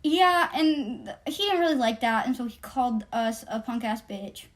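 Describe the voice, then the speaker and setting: A woman's voice: on the high side, moderate pace. A teenage girl co-hosting a casual chat, telling stories and acting out what people said. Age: teens. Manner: animated storytelling, acts out quotes. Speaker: podcast co-host.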